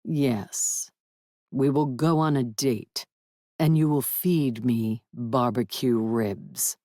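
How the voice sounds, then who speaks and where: A woman's voice: rumbling low, slow, mellow, no echo, studio quality, pitched below the performer's own voice. A woman voicing a stoic, aloof male dragon in human form who speaks formally and commandingly. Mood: imperious.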